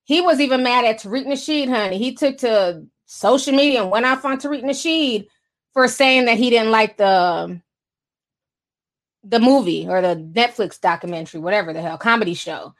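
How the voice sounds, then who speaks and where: High-voiced woman, blunt and sarcastic. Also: moderate pace. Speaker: commentary vlogger. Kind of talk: casual gossip commentary.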